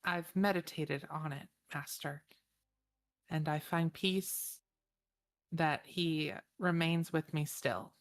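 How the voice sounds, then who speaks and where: A woman voicing a reserved young female Jedi apprentice who answers in a measured, formal way. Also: sits low, steady tone. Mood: composed.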